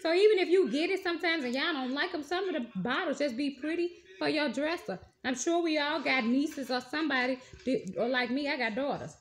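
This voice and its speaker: A woman with a high, bright voice and a drawl talks casually to her viewers, reviewing perfumes she has bought. She gushes and hypes each bottle with folksy, animated slang. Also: fairly quick, few pauses. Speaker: beauty vlogger.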